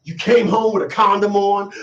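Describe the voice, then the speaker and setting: A man voicing a wife who shouts through tears at her cheating partner. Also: high-pitched, fairly even intonation, moderate pace, far from the mic, muffled recording. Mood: tearful anger. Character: crying furious wife confronting cheating man.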